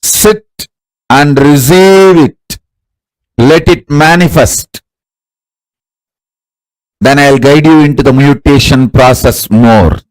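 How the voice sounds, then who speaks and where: A man as a spiritual teacher giving a guided meditation in slow, measured commands. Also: on the high side, rough recording.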